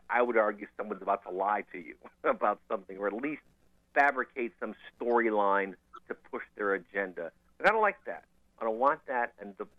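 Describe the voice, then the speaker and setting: Opinionated podcast host on a tinny line. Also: male voice, mid-range voice, dry recording. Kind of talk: opinionated commentary.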